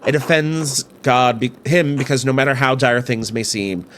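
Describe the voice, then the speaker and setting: A man reading a pious priest who hears confessions, speaking gravely and admonishing the penitent. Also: medium pitch, fairly even intonation, normal speed, fairly bright tone, a little hiss or hum, lightly acted. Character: stern, pious male priest hearing confession. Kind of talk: reading game dialogue aloud.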